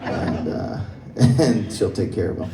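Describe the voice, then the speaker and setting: A man's voice: lowish voice, very animated, slow, a loud crowd, very noisy. A young man doing a stand-up comedy set on a club stage, telling stories conversationally and laughing at his own jokes. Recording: roomy club sound, mic from a distance.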